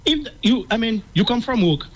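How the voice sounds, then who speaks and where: A man's voice: very high-pitched, expressive, normal speed, rough recording. A man calling a radio show, giving advice in an insistent, repetitive way. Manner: repetitive, insistent, keeps saying the host's name. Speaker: caller.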